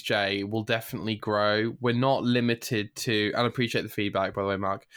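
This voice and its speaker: A man's voice: on the low side, fairly bright tone, smooth. A man co-hosting a podcast in upbeat, chatty conversation. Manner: upbeat, chatty, says "mate" often. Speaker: podcast co-host. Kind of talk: casual chat.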